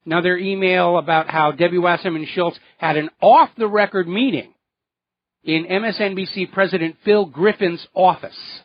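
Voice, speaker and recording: A man's voice: high-pitched, steady tone, normal speed, dry recording, muffled recording. A man hosting a political talk radio show, delivering indignant, sarcastic commentary.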